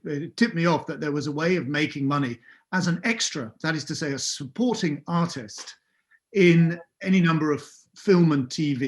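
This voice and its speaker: Middle-aged man, from England, interview guest, halting anecdotal storytelling, fillers and restarts, a bit high-pitched. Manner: hesitant, with fillers and self-corrections. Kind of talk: casual anecdotal recollection.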